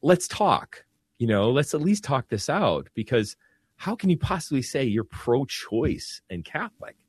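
A man's voice: mid-range voice, a little slow, breathy edge, no room sound. A man who is a Catholic priest, talking earnestly in a casual discussion, often restarting his sentences. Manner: earnest, animated, many restarts.

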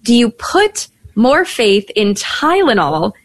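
Woman, radio talk show host, Catholic call-in program, fairly high voice, chatty and upbeat. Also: sing-song. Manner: warm, laughing, speaks phone numbers slowly.

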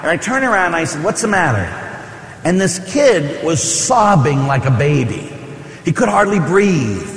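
A man's voice: on the high side, big pitch swings, normal speed. A middle-aged man preaching as a priest, telling stories and asking the congregation questions. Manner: storytelling with rhetorical questions. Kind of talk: sermon. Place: church. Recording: echoey church hall.

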